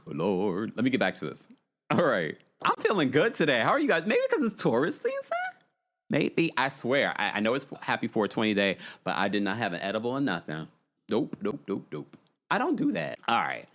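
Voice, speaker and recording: A man's voice: medium pitch, huge pitch swings, moderate pace, creaky. A man hosting a casual livestream recap, chatting and reading out viewer comments as he reacts. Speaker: recap show host.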